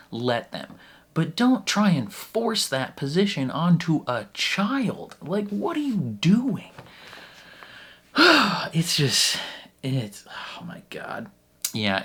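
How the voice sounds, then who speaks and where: A man hosting a reaction vlog in casual, animated talk, laughing between phrases and leaning heavily on "like" as a filler. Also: medium pitch. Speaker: reaction channel host.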